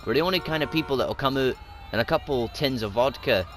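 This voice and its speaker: Quick-paced and medium in pitch, this young Scottish man with a Scottish accent commentates on his own gameplay as a gaming YouTuber. He swears a lot, gets rowdy and yells at the game.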